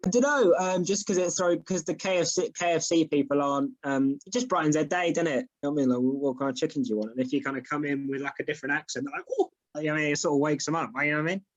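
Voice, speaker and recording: A man's voice: a little high, racing, few pauses, lo-fi sound. A young man, a comedian guest, chatting in a rambling, self-deprecating way over a video call. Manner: rambling, self-deprecating, lots of "you know what I mean". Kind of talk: casual interview chat.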